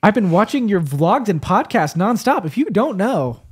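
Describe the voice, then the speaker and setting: A man's voice: high voice, very animated, normal speed, husky. A man co-hosting a podcast in casual chat, sheepish and self-deprecating with a playful edge. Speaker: podcast co-host.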